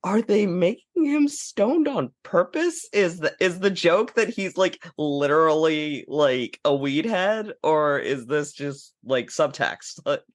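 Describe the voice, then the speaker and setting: A man's voice: a little high, expressive, slow pace, few pauses, no room sound, studio quality. A man talking as a podcast guest in casual chat, musing and a little hesitant.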